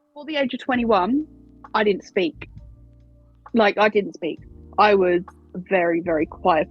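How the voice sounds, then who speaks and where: A woman in her twenties with an Essex accent, a wrestling announcer and interviewer, answers interview questions chattily and candidly, laughing easily. Her voice is husky and medium in pitch, and the recording has its highs cut off.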